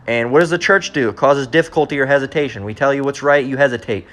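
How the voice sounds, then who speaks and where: A man preaching in a blunt, confrontational way, repeating his points and reading scripture slowly and deliberately. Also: mid-range voice, a bit bright. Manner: blunt, repetitive, keeps asking "all right?"; reads verses slowly and deliberately. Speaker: street preacher.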